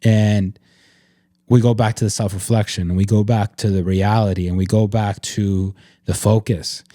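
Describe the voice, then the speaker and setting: A man's voice: fairly low pitch, little pitch movement, moderate pace, warm tone, no room sound, clean studio sound. A man hosting a casual faith-based podcast chat, talking in an earnest, reflective way and leaning on lots of "like" fillers. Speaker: podcast host.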